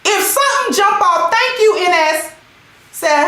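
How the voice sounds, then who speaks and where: A woman hosts a livestream in a loud, emphatic, slang-heavy voice that sits very high. Her pitch swoops about a lot as she drives her points home. The sound rings through a very echoey room. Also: lively intonation, measured pace. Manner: reads out and thanks chat commenters. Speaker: livestream host.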